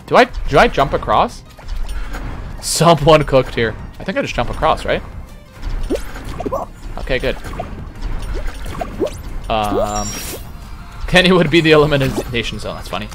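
A man streaming a platform game, talking casually in an excitable, boastful way with sudden yelps. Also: mid-range voice, unhurried, pauses often, over music. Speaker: livestreamer. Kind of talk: casual gaming commentary.

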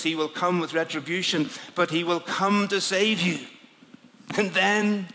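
A man's voice: a little high, a bit bright, big-room sound, slight background noise. A man preaching a sermon as a dramatic first-person story, often hesitating and searching for words. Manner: hesitant, searching for words, with frequent fillers and laughs. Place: large conference hall.

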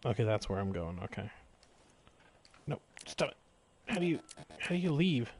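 A man's voice: mid-range voice, sing-song, normal speed, a little mellow, a little hiss or hum. A man casually commenting on his own gameplay, rambling and cracking jokes to himself as he plays. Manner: joking, rambling, talks to himself while playing. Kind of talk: casual let's-play commentary.

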